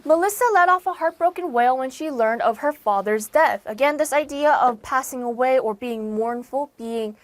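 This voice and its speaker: An American woman teaching vocabulary, her voice on the higher side and recorded close and dry. She explains each word patiently, circling back to rephrase and leaning hard on the key terms. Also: normal speed, hardly any pauses, no room sound. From United States. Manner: repeats and rephrases, stressing key words with lively pitch jumps. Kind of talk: explanatory online lesson.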